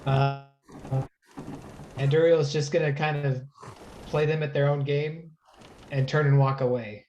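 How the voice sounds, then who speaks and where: A man taking part in a tabletop game as a player, relaxed and playful in the way he talks. His pitch is a little raised. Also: unhurried, lo-fi sound, noisy background. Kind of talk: casual tabletop play.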